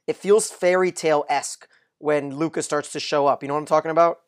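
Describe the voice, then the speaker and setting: A man's voice: fairly high pitch, fairly even intonation, fairly quick. Enthusiastic man gushing about a show. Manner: enthusiastic, swears casually. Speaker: podcast co-host. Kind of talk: casual recap chat.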